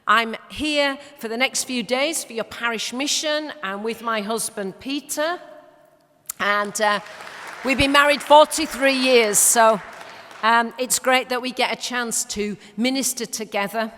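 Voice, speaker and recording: A woman's voice: fairly high pitch, measured pace, bright, forceful tone, some chatter behind. A woman in her sixties with a Yorkshire accent, speaking at a church mission, telling stories with humorous asides and some hesitations. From Leeds, northern England. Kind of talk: church talk with anecdotes. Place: large church. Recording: long church reverb.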